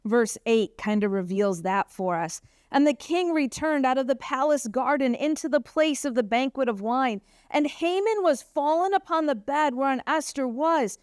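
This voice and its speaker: A woman teaching a children's Bible lesson at church, telling the story with animated expression and acting out the characters' lines. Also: high voice, normal speed, hardly any pauses, clean tone, no echo, clean studio sound.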